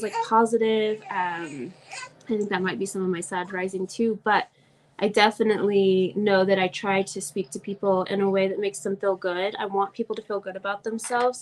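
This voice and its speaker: A woman from Oklahoma hosting a casual livestream astrology class, chatty and quick to laugh, acting out little quoted voices. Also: mid-range voice, darkish tone, slight background noise.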